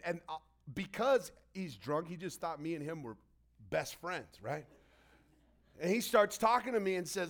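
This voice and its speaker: High-voiced man preaching a conversational sermon. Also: animated, normal speed, vocal fry. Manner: storytelling, conversational, acts out quotes. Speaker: pastor. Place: church hall.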